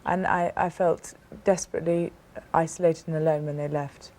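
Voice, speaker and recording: Telling personal stories as a TV interview guest, this British woman in her thirties speaks earnestly, stressing points and often starting over. Her British English voice sits low, with a darkish, steady tone and moderate pace.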